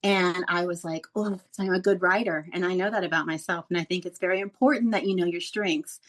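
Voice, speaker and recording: A middle-aged woman who used to report radio news tells stories in a relaxed interview, laughing often. Her voice sits fairly low and her pace is brisk, and she comes across as an animated storyteller.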